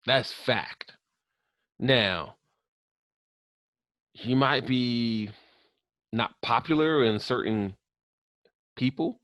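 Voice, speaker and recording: A man's voice: medium pitch, takes it slowly, pauses often, dry recording. A man co-hosting a podcast in casual chat, telling stories with lots of swearing and acted-out quotes. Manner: animated storyteller, swears freely, acts out quotes. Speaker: podcast co-host.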